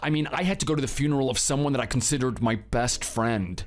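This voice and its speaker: A man's voice: mid-range voice, fast, faint music behind, lightly acted. A man voicing a husband named Theo in a scripted drama, curt and defensive with his wife. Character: grieving, cold husband Theo.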